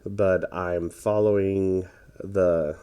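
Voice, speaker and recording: A man giving relaxed, rambling commentary over his own gameplay, tired and hesitant, with many fillers. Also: deep voice, drawn-out words, clean tone. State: tired, yawning. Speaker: gaming commentator.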